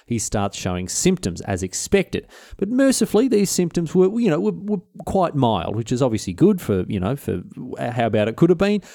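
A man's voice: mid-range voice, warm tone, no echo, clean studio sound. A man telling a history story in a casual, jokey, digressive way. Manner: jokey, digressive, frequent restarts. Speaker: history presenter.

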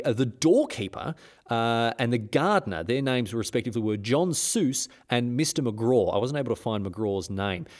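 Male history podcast host, irreverent, jokey, mid pitch. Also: a little mellow. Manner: irreverent, joking, many restarts and chuckles. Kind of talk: casual history storytelling.

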